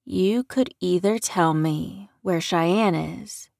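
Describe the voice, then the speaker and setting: A woman voicing a confident middle-aged male shifter captor who delivers steady, measured threats in an audiobook. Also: on the low side, vocal fry, no room sound, studio quality. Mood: cool threat.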